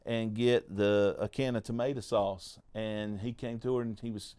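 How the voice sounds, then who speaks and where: A man's voice: lowish voice, fairly even intonation, normal speed, mellow, clear, resonant tone. Folksy male podcast host telling stories. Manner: folksy, joking storyteller with frequent restarts. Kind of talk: casual faith podcast chat.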